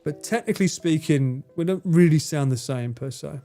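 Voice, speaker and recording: Soft-spoken Essex streamer, faint music. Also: male voice, fairly high pitch, moderate pace. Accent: Essex English. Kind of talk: casual livestream chat.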